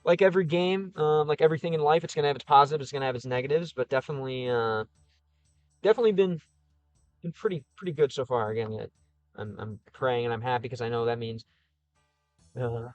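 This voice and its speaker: A man's voice: mid-range voice, fast talker, dry recording, highs cut off, soft background music. A man casually chatting on a livestream as he answers viewer comments, thinking aloud with frequent restarts. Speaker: streamer answering live chat.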